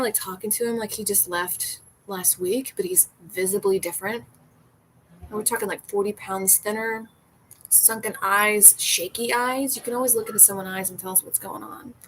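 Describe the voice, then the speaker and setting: A woman's voice: mid-range voice, a bit bright, slight background noise, rough recording. A woman chatting casually at home during a livestream, rambling, restarting her sentences and sometimes dropping into a whisper. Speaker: streamer reading chat.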